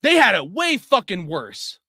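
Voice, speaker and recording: This is a middle-aged man giving an angry opinion rant, swearing in nearly every line. His voice sits high and leaps around in pitch. It has a bright, tense edge and is recorded dry and close. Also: wildly swooping pitch, unhurried, slightly rough, dry recording. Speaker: video host.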